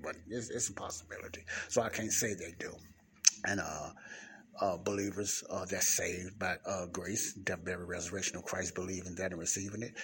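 A man giving an informal podcast Bible teaching in a library study room, rambling and repeating himself while keeping his voice low, close to the mic. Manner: rambling, repeats and restarts words, talks low and quiet. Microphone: speaking close to the mic. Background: faint passing traffic.

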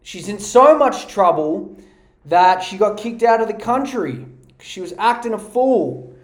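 A man's voice: high-pitched, animated, unhurried, reverberant. A man hosting a podcast, ranting in a mocking, profane comedic style on a podcast mic. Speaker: podcast host.

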